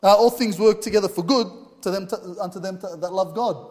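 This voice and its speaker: A man voicing a calm, stubborn male assistant who insists on his view, in a sermon story. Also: high-pitched, a little fast, pitched below the performer's own voice, natural voice. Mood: insistent. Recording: long hall reverb.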